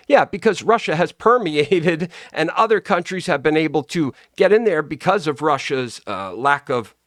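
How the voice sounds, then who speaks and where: A man's voice: on the high side, a bit bright, no echo, clean studio sound. A man delivering a combative, profane political rant straight to camera, often repeating himself for emphasis. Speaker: political commentator.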